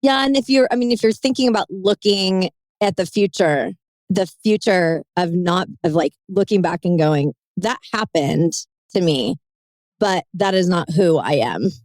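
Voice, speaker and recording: A woman's voice: lowish voice, unhurried, darkish tone, no room sound. A woman hosting a podcast, talking candidly and openly about her own feelings with her guest. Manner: candid, emotional and open. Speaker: podcast host. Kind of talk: conversational interview.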